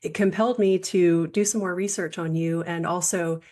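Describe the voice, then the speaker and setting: Woman, podcast host, lower voice, earnest, measured questions. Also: fairly even intonation, darkish tone. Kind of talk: interview hosting.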